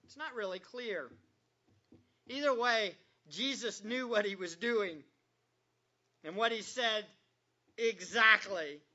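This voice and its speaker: A man's voice: sits high, takes it slowly, long pauses, bright, forceful tone, dull audio. A male pastor preaching a sermon in a conversational, joking way, quizzing the congregation as he goes.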